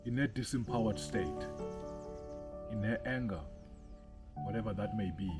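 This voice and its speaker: A man outdoors in a forest, telling a personal story in an earnest, halting way, repeating words as he searches for them. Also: low-pitched. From South Africa.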